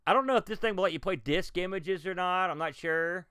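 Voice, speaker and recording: A man commentating live as he plays old video games, talking to his chat and reacting loudly to what happens on screen. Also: high-pitched, fairly quick, clean tone, dry recording, studio quality. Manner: excitable, reacts loudly to gameplay and talks to chat. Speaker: game streamer. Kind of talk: live game-stream commentary.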